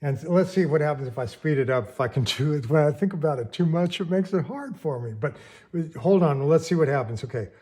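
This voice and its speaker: A man's voice: fairly high pitch, animated, fairly quick. A man teaching piano, explaining rhythm plainly and counting beats aloud. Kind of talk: piano lesson, counting aloud while playing. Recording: piano underneath the voice. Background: piano playing.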